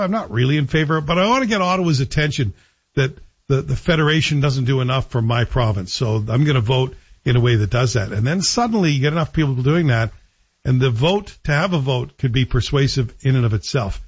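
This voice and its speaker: A man's voice: medium pitch, fairly quick, breathy edge, no echo, highs cut off. A man hosting a morning talk radio show, chatting casually and opinionatedly with a guest and chuckling between points. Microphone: studio microphone.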